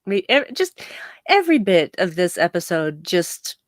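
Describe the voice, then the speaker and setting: A woman's voice: on the low side, big pitch swings, moderate pace, no room sound, clean studio sound. A woman co-hosting a casual fan discussion, enthusiastic and playful. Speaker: podcast co-host.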